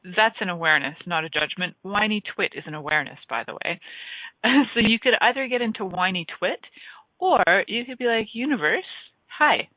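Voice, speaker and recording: A woman's voice: mid-range voice, fairly quick, dry recording. Woman, radio host, rambling enthusiastic chat, mid-range voice, tinny phone-line sound. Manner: rambling, enthusiastic, self-interrupting. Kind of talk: casual radio talk.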